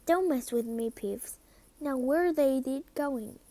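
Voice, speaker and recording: A woman voicing a grumpy old male school caretaker who makes gruff demands. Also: high-pitched, slow pace, mellow, dry recording. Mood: impatient.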